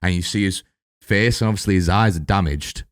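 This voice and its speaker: A man in casual chat, retelling a film scene with lively detail and frequent swearing. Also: sits low, a little fast, no echo, studio quality. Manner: animated storytelling, swears often.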